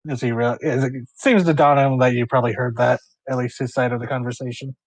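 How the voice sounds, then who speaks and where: A man's voice: medium pitch, steady tone, fast talker, dry recording. A man working as game master and narrating a tabletop role-play game, rambling with fillers and restarts.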